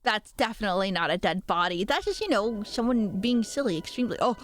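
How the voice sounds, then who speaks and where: A young woman streaming, chatting casually and excitably, swearing often and poking fun at herself. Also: medium pitch, fairly quick, few pauses.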